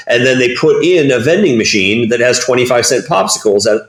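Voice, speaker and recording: A man being interviewed, telling rambling, animated stories packed with fillers. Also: mid-range voice, fast talker, hardly any pauses, echoey room. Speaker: guest. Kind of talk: casual interview chat.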